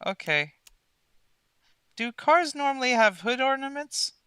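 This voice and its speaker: A man narrating as game master, asking dry, deadpan questions. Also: extremely high pitch, unhurried, smooth.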